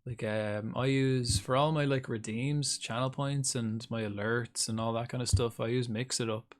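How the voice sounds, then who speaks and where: A man's voice: mid-range voice, steady tone, moderate pace. A man streaming a game live, chatting casually and rambling to his viewers. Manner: rambling, chatty, talks to chat by name. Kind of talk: casual live-stream chat while gaming.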